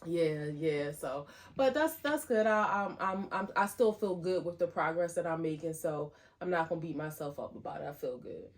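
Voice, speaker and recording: Chatty woman podcast co-host, lowish voice. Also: lively intonation, normal speed, few pauses. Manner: upbeat, chatty, hesitant fillers. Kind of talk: casual chat.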